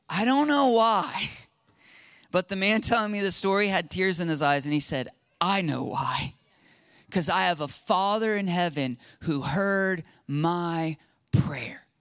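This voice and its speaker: Pastor guy preaching hard, kinda high voice, crisp, gasps a lot. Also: takes it slowly, fairly bright tone, dry recording, studio quality. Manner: impassioned preaching with gasps and acted-out quotes. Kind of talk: sermon.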